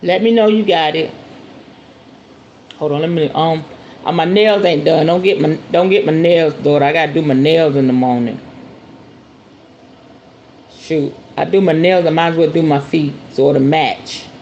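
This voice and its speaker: A woman hosting her spiritual channel, chatting to viewers while she unboxes a purchase. She is animated and playful and often calls her viewers "y'all" and "honey.". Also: low-pitched, moderate pace, pauses often, highs cut off, slight background noise. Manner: excitable storyteller, acts out shop talk.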